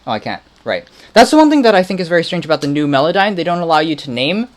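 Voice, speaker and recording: A man's voice: a little high, very animated, fast talker. A man casually thinking aloud while making music on a livestream, muttering, playful and rambling.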